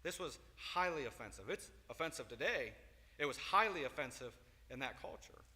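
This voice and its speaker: A man teaching a Sunday school Bible lesson, telling the story with animated, acted-out quotes. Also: mid-range voice, normal speed. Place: church hall. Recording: long reverb in a hall.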